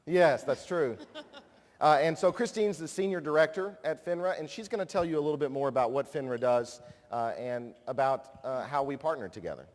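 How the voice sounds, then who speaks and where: A man's voice: a little high, expressive, brisk. A man in his thirties giving a conference speech, telling a personal story with self-deprecating humor before he introduces a guest. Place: large conference hall. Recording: long hall reverb.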